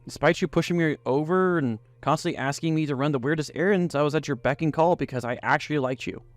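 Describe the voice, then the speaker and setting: A man's voice: fairly high pitch, fast, no echo, faint music behind, pitched above the performer's own voice, natural voice. A man voicing a furious young woman who accuses her best friend with bitter scorn. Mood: hurt.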